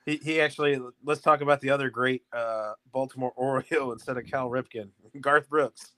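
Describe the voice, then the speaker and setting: A man's voice: medium pitch, fairly even intonation, fairly quick, pushed and bright. Joking podcast co-host, a man. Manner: joking, profane, laughing at his own bits. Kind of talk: casual chat.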